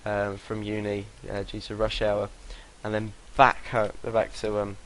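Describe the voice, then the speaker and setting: A man's voice: fairly low pitch, completely flat delivery, a little slow, a bit bright, rough recording. A young man telling a rambling story to camera, swearing freely and laughing between sentences. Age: young adult. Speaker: vlogger.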